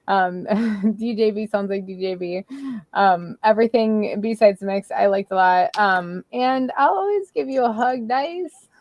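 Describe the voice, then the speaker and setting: A woman's voice: medium pitch, unhurried, no room sound, dull audio. A woman co-hosting a casual music review stream, giggly and hesitant, with many ums.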